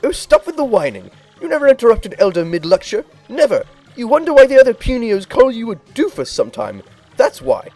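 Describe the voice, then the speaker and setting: A man's voice: very high voice, wildly swooping pitch, brisk, a little mellow, dry recording, faint music behind, voice pushed up, exaggerated voice. A man voicing a crotchety, bossy old female tribal elder in a game playthrough, scolding and barking orders.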